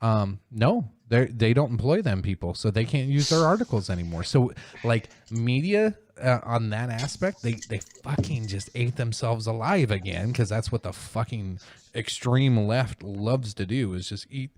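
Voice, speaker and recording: A man's voice: lively intonation, normal speed, noisy background. A man hosting a casual podcast, ranting about politics with plenty of swearing and mocking impressions. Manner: profane, heated, mocking mimicry in high voice. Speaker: podcast host.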